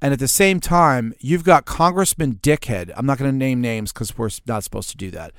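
A man co-hosting a podcast, telling a story in an animated way and cursing freely. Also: mid-range voice, a little fast, clean tone, no echo, studio quality. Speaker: podcast co-host. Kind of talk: casual ranting chat.

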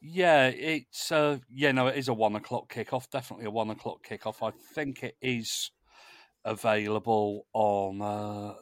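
A man co-hosting a football podcast in a very dry, close-sounding recording. He talks haltingly, stumbling over his words, with a wry edge. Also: lowish voice, no room sound. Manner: hesitant, lots of fillers and restarts, wry. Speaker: podcast co-host. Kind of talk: casual football podcast chat.

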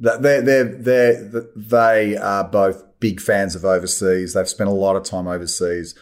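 Animated Australian man in his fifties. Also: a little slow. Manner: animated, emphatic swings in pitch when making a point. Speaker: guest actor. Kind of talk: casual interview conversation.

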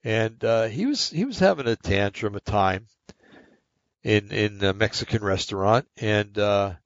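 Blunt older man, low and dry. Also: expressive, measured pace, dry recording, lo-fi sound. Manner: blunt, rambling, with many restarts. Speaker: podcast host. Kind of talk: opinionated monologue.

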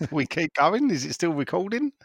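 Man, podcast host, jokey, rambling, lively pitch, dry sound. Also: measured pace, creaky, no room sound. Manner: jokey, rambling, reads listener messages with banter. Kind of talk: casual podcast chat.

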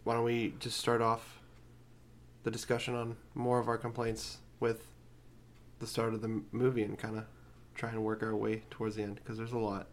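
A man's voice: medium pitch, monotone, normal speed, a little hiss or hum. A young man co-hosting a podcast, making blunt, dismissive quips in casual movie talk. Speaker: podcast co-host. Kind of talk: casual movie-review chat.

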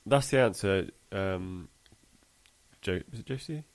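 A man's voice: low-pitched, unhurried. A man co-hosting a podcast, chatting casually and laughing often. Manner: laughs often, animated and playful. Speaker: podcast co-host. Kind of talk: casual chat.

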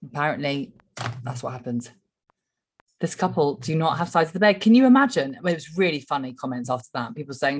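A woman's voice: low-pitched, expressive, fast talker, husky. A woman, chatting as a podcast co-host in a dry, wry way. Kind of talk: casual chat.

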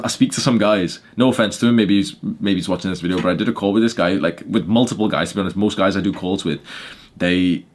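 A young man with a low voice gives a casual motivational talk on his podcast. He is blunt and swears freely, leaning on fillers, and his volume climbs when he drives a point home. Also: slightly rough. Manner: blunt, swearing, many fillers, gets loud. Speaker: podcast host.

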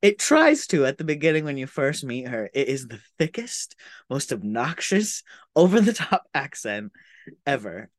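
Animated woman, lively pitch swings. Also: normal speed, no echo. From Pacific Northwest. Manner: animated, laughs often. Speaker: podcast co-host. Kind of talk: casual chat.

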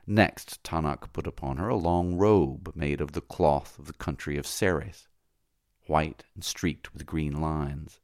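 A man narrating a literary novel as an audiobook, reading slowly and in a measured way that often drops to a hush. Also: very deep voice, no echo, clean studio sound. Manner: slow, measured, often hushed.

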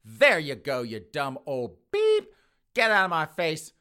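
A man voicing a hysterical twenty-year-old woman who yells indignantly. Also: on the high side, very animated, fast, voice pushed up. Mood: furious. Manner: shouting, indignant. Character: hot-tempered young woman, twenty, hysterical.

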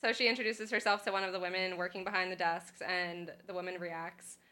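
Woman cohost, bright clear voice, recaps the chapter, laughs a lot. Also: fairly low pitch, steady tone, brisk. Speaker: podcast co-host. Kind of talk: casual chat with summary reading.

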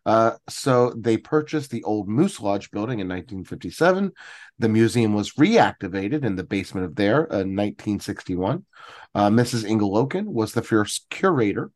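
A man co-hosting a casual podcast, rambling through a story of local history with plenty of fillers and self-corrections. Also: medium pitch. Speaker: podcast co-host.

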